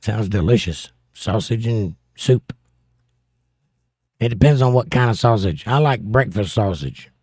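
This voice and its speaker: A man's voice: fairly low pitch, expressive, unhurried, darkish tone, no echo, studio quality. A middle-aged American man hosting a casual livestream, reading viewer comments aloud with playful, combative banter. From United States. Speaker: livestream host.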